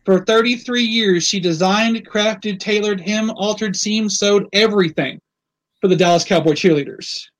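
A man's voice: high-pitched, moderate pace, low-quality recording. A man being interviewed about his embroidery work, talking casually and telling stories with lots of "you know". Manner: relaxed storyteller with frequent "you know". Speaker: guest embroiderer.

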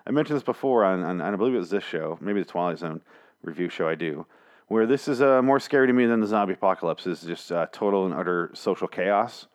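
A man recapping comic chapters in a casual, rambling, sarcastic monologue, swearing freely and slipping into mock voices. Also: lowish voice. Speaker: comic book reviewer.

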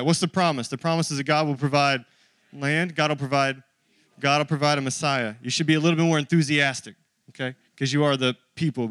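A man's voice: fairly high pitch, fairly bright tone, dry recording. Man in his thirties preaching. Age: 30s. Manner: conversational, joking with the congregation. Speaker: pastor. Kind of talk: sermon. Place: church.

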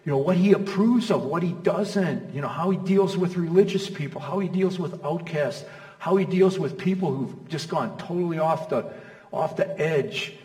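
A man's voice: on the high side, normal speed, a little mellow. A middle-aged man preaching a sermon in an easygoing, chatty way, firing off rhetorical questions and checking in with the crowd. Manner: conversational, stacks rhetorical questions, checks in with "okay?" and "you know?". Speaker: pastor. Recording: echoey hall, mic from far off.

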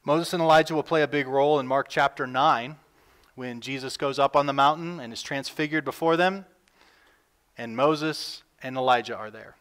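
A man preaching a sermon as pastor, earnest, with his voice lifting and getting louder when he reads scripture aloud. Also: moderate pace. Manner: earnest, rises in pitch and volume when reading scripture.

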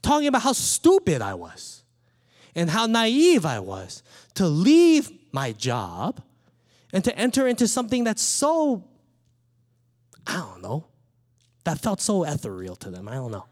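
A man in his thirties preaching a sermon, telling personal stories in an animated, playful way. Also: high-pitched, measured pace, long pauses. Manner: animated storytelling, acts out his small daughter's lines. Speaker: pastor.

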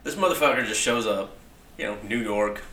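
A young man chatting casually and profanely, full of "like", acting out quoted lines as he pitches a story. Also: lively intonation, normal speed, a bit bright, a little hiss or hum. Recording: echoey room.

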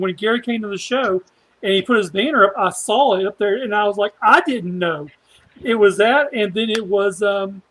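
A man's voice: sits high, a bit bright, rough recording. A man hosting a casual live stream, rambling with many fillers as he thanks his guest. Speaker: show host.

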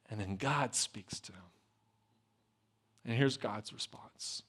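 A man with a fairly high voice preaching a lively sermon. He swings from loud, emphatic lines to quiet asides and tells the old story with casual humor. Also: slow, pauses often. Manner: acts out biblical dialogue with conversational humor. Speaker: pastor.

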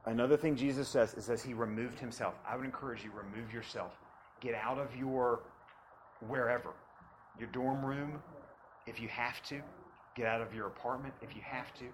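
A man preaching a sermon to students, swinging from loud preaching to hushed asides and repeating phrases for emphasis. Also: medium pitch, fairly even intonation, normal speed, slight background noise, rough recording.

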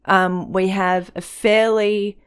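A woman's voice: medium pitch, slow pace, smooth. Chatty woman telling stories. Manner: chatty, animated storyteller. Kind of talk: casual chat.

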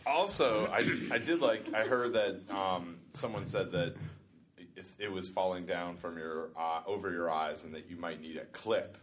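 A man's voice: low-pitched, normal speed, slight background noise. A man with a Canadian accent co-hosting a podcast in casual chat, laughing often. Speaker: podcast co-host.

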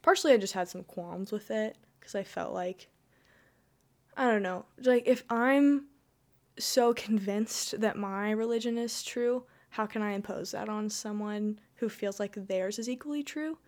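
A woman's voice: medium pitch, measured pace, darkish tone. A young woman telling her personal faith story in casual conversation, rambling with lots of "like" and restarts. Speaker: guest.

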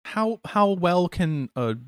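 A man's voice: sits high, big pitch swings, slow. A man co-hosting a casual talk show, cracking jokes and laughing often. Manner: joking, laughs a lot, jumps in with wisecracks. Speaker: podcast co-host. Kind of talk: casual chat.

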